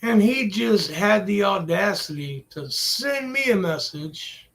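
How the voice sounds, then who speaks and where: Man, gaming channel host, high and gravelly voice, slow profane rants. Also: expressive, fairly bright tone. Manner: profane, exasperated ranting. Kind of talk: ranting gameplay commentary.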